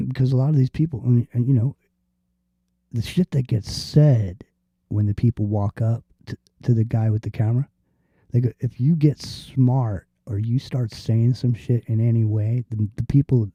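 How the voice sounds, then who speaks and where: A man's voice: mid-range voice, breathy edge, no room sound. A man hosting a casual talk show, rambling and swearing freely, with lots of fillers and restarts. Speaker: podcast host. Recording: dull lo-fi sound.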